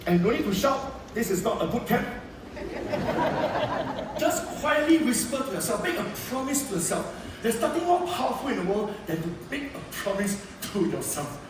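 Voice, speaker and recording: A man giving an animated motivational talk to a live audience, tossing rhetorical questions at them. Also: very high-pitched, normal speed, noisy background. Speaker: motivational speaker. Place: hall with an audience. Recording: echoey hall from far off.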